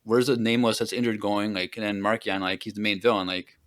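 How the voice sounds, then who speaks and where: Smooth-voiced man rambling in casual chat. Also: on the low side, steady tone, fast talker. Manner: rambling, filler-heavy retelling with lots of "like"; trails off quietly at the ends of thoughts. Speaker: podcast host. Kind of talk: casual book discussion.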